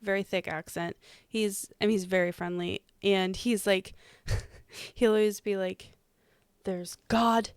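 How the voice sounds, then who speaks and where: A woman co-hosting a podcast, chatting casually and telling stories in a relaxed way. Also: mid-range voice, a little slow, clear, resonant tone, no room sound, studio quality. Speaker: podcast co-host. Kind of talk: casual chat.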